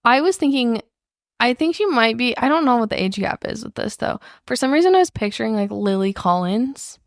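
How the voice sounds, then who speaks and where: A woman's voice: a little high, expressive, brisk, no room sound. Young female podcast co-host, rambling casual chat, dry studio sound. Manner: chatty, rambling with fillers. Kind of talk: casual book club chat.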